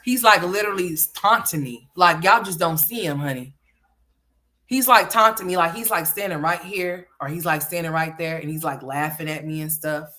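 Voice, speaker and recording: Lady on a livestream, kinda low voice, loud and bossy, cracking jokes between scolding. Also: moderate pace. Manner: loud, scolding and joking by turns. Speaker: livestream host. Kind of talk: casual livestream chat.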